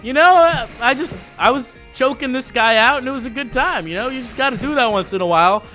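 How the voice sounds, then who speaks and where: A man's voice: very high-pitched, quick pace, pushed and bright, soft background music. A man giving casual, laid-back commentary while playing a video game, slangy and joking. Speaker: let's play host.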